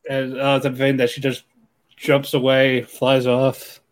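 A man co-hosts an anime podcast, trading loose, slangy banter about episodes. He laughs a lot and tosses in mock voices for the characters. His pitch sits in the middle range for a man. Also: completely flat delivery, measured pace. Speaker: podcast co-host. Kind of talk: casual anime recap chat.

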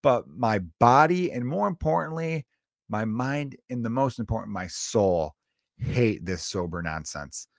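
A young adult man from Chicago, a comedian talking casually in a profane, rambling solo monologue with big swings in loudness. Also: medium pitch, animated, a little slow, creaky, no room sound, studio quality. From Chicago area. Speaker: comedian and podcast host.

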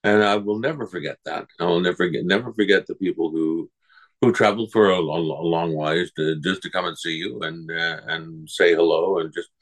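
A man's voice: deep voice, a little fast, a bit bright. An older man, a guest voice actor, telling rambling anecdotes in a casual interview and acting out the people he quotes.

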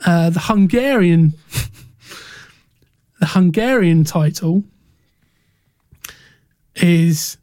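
A man co-hosting a casual film podcast, reading out trivia in a relaxed way with small restarts. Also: sits high, very slow, long pauses, no room sound. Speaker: podcast co-host.

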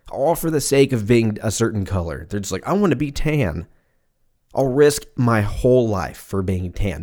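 A man's voice: fairly low pitch, darkish tone. A young man in his twenties hosting a solo comedy podcast, rambling through profane tangents. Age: 20s. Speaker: podcast host.

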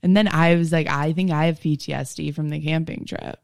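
A woman's voice: low-pitched, fairly even intonation, fairly quick, creaky, darkish tone, dry recording, studio quality. A young woman hosting a podcast, telling rambling, profane stories full of "like" in a casual chat. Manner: profane, rambling, filler-heavy storytelling. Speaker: podcast host.

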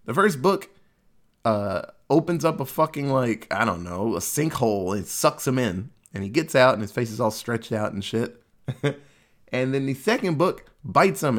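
Male podcast host, middle-pitched voice, relaxed jokey plot recap with plenty of swearing. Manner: loose and jokey, swears freely, laughs at the story. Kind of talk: casual movie plot recap.

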